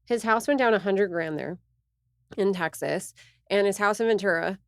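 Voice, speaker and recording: A woman co-hosting a podcast, talking casually and quoting people with animated asides. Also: mid-range voice, moderate pace, dry recording, studio quality. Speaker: co-host realtor.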